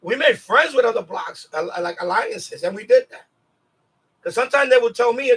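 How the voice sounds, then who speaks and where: Male stream host, New York accent, raised in the city; raspy, high-pitched, mic a bit far off. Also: animated, brisk, fairly bright tone. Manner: rambling, laughs often, many restarts. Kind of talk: casual storytelling chat.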